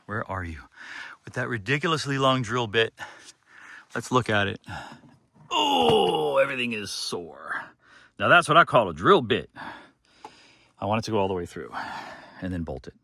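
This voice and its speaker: A man's voice: fairly low pitch, animated, moderate pace, pauses often, pushed and bright, no room sound. A man narrating to himself while building outdoors on a slope, wry and joking, a little short of breath. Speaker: DIY builder vlogger. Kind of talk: casual self-narration while working.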